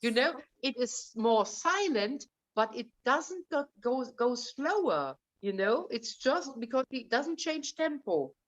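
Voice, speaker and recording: Woman coach, high and unhurried, firm and direct, dull lo-fi sound. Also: very animated. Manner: direct, insistent, calls the singer darling. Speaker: vocal coach. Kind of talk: opera masterclass coaching.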